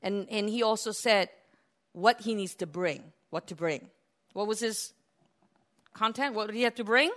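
A woman preaching a sermon with a bright, forceful voice. She tells the scripture as a lively story, breaking into laughs and acting out the quotes. Her pitch sits in a middle range for a woman. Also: moderate pace, long pauses.

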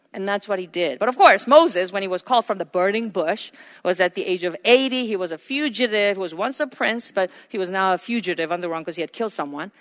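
A woman's voice: medium pitch, fairly bright tone. Woman preaching in a reverberant hall. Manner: earnest, emphatic, with frequent fillers. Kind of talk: sermon.

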